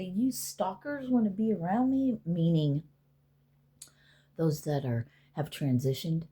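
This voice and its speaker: A woman's voice: a bass voice, dark tone, slightly rough. A middle-aged woman, a spiritual healer, rambling casually and with profanity as she talks to spirits aloud.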